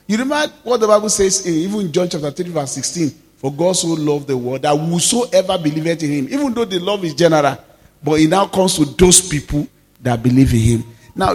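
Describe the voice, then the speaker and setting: Emphatic pastor preaching in a hall. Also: male voice, fairly high pitch, darkish tone. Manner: emphatic preaching, calls out to the congregation, drawn-out stressed words. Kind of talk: sermon.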